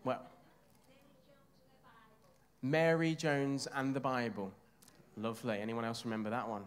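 Male preacher from England, mid-pitched, friendly and interactive, quick questions to the congregation. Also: flat delivery, smooth. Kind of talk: sermon.

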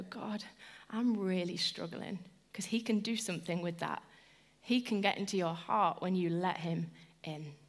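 Woman speaker, devotional talk; earnest, personal, chatty delivery, mid-range voice. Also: mid-range voice. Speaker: Christian speaker.

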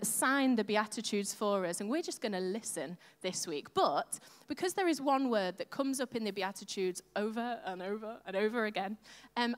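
Lively woman leading a church service. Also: fairly high pitch. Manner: lively, chatty and upbeat. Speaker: church leader. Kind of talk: sermon introduction. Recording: long hall reverb.

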